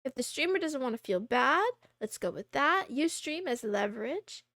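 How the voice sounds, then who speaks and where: A woman's voice: sits high, sing-song, moderate pace, sharp tone, no room sound, clean studio sound. A woman streamer chatting casually and reading viewer messages, playful and giggly with teasing asides. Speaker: VTuber streamer.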